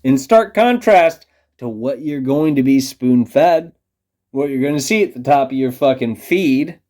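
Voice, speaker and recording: An angry man in a profane, condescending rant aimed at his audience. His mid-range voice drops to low muttering, then bursts out loud. He swears constantly and scolds his listeners. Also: lively intonation, unhurried. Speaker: vlogger. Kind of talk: ranting monologue to camera.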